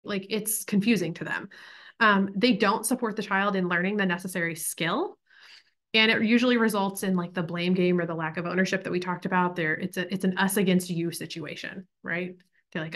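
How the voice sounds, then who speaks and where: A woman's voice: lowish voice, steady tone, a little fast, fairly bright tone. A woman in her thirties leading a casual online parenting class, chatty and full of "like" and "right?", who sometimes acts out a child's thoughts in a small voice. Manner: chatty, many "like" and "right?" tags. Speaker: parent educator.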